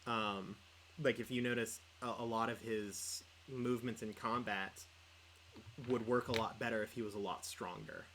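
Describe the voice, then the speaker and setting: A man's voice: lowish voice, steady tone, moderate pace, fairly bright tone, slight background noise, rough recording. A young man chatting casually on a livestreamed podcast, rambling with lots of filler words. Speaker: podcast co-host and player.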